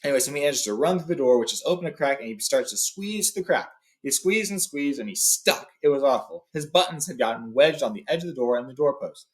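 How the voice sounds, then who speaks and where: A man's voice: medium pitch, expressive, fast talker, few pauses. A young adult man retelling a story in a loose, casual way with fillers, then reading passages aloud.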